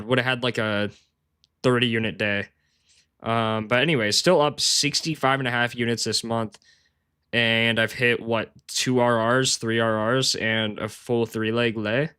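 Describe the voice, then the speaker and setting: A man's voice: medium pitch, bright, forceful tone, clean tone. A man live-streaming sports betting research, chatting casually with his viewers in a rambling, slangy, self-deprecating way. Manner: rambling, slangy, talks to chat, says "bro" a lot; self-deprecating, laughs often.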